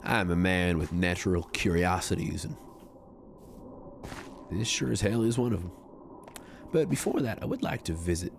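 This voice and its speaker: A man putting on a slick con-man cowboy with a fake Southern drawl, folksy and overly courteous. The voice sits very low and gravelly, and it swings widely up and down as he spins his yarns in a game role-play. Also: animated, a little hiss or hum. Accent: put-on Southern drawl. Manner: folksy, drawn-out, courteous sayings. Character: smooth-talking male con man posing as a Southern cowboy.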